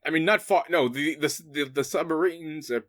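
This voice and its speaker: A man's voice: on the high side, normal speed, fairly bright tone. A man co-hosting a comedy podcast, rambling and restarting as he overthinks jokes. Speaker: podcast co-host. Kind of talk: comedic banter.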